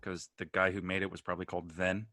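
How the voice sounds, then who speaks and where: A man's voice: low voice, flat delivery, fast talker, sharp tone, dry recording. A man co-hosting a podcast, talking in an easygoing, casual way with wry, dry humor. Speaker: podcast co-host.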